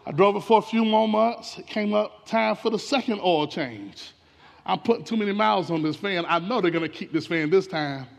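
A man delivers a storytelling sermon from the pulpit, his voice pitched high with a gravelly edge. He addresses the congregation directly, speeding up and slowing down for effect. The sound carries a long church reverb. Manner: animated storytelling with sudden swings in pace and loudness. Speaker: preacher. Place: church sanctuary.

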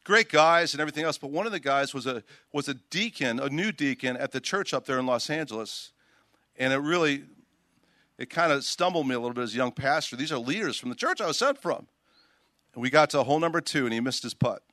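An older man, a pastor, preaching a sermon outdoors, reading scripture aloud with emphasis and telling stories in an animated way. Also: mid-range voice, fairly quick, no echo.

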